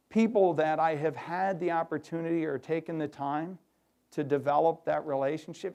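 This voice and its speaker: Middle-aged man, workshop speaker, animated delivery, slightly high voice, quotes others in voices. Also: vocal fry. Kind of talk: lively workshop talk to an audience. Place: hotel conference room.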